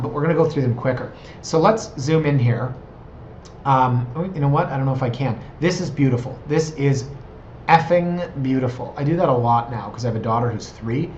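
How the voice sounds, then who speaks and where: A man's voice: medium pitch, a little mellow, roomy sound, highs cut off, a little hiss or hum. A man in his thirties, a real estate agent, talking casually and digressively in a vlog from his office. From Canada. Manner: chatty, digressive, self-deprecating.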